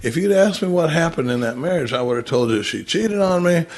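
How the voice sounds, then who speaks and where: A man's voice: fairly high pitch, a little fast. A man giving a recovery talk, telling stories and acting out what others said. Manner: storytelling, animated when quoting others. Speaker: recovery speaker.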